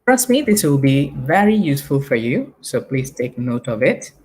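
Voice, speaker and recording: A man's voice: medium pitch, big pitch swings, moderate pace, darkish tone, slight background noise. A Malaysian man teaching a live online English lesson, patiently drilling spelling and pronunciation for primary pupils.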